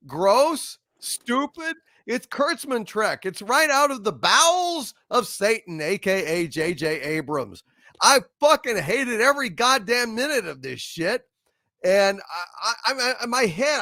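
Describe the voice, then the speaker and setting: Profane ranting host, high bright voice, lots of shouting and sarcasm. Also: male voice, no echo, clean studio sound. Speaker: panel show host. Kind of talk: angry ranting commentary.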